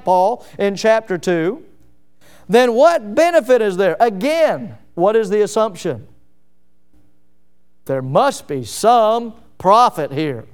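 A man's voice: high-pitched, clean tone. A man preaching a sermon in an emphatic manner, driving his points home with frequent rhetorical questions.

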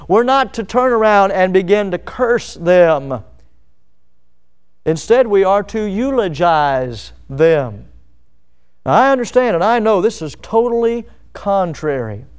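A man delivers a sermon in a high, smooth, resonant voice. He is emphatic, poses rhetorical questions, and acts out the words of others. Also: a little mellow. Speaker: pastor.

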